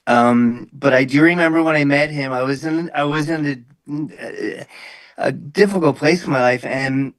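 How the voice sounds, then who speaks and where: Panelist, man from the US: mid-pitched, hesitant and searching for words, dry sound. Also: measured pace, dry recording. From Philadelphia, USA. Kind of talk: casual panel discussion.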